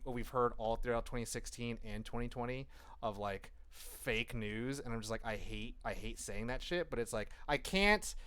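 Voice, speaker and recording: A man co-hosting a casual nerd-culture podcast, talking in long animated rambles and swearing freely. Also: medium pitch, smooth, dry recording. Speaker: podcast co-host. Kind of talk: casual chat.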